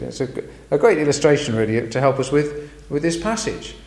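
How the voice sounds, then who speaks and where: A man preaching a sermon in a lively, emphatic way, with frequent ums. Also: medium pitch, brisk. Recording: echoey room.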